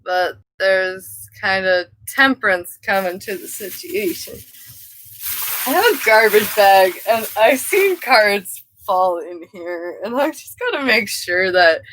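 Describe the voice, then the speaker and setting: A woman's voice: mid-range voice, a bit bright, no echo, low-quality recording. A woman giving a casual live tarot reading, rambling and easily sidetracked. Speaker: tarot reader.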